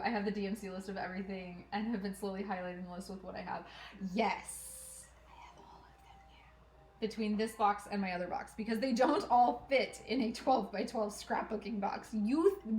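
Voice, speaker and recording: Sorting thread at home during her crafting livestream, a woman chats casually and giggles, talking to herself and her cat while she works. Her medium-pitched, darkish voice moves fairly quickly with hardly any pauses. The recording has an echoey room, faint music, and slight background noise.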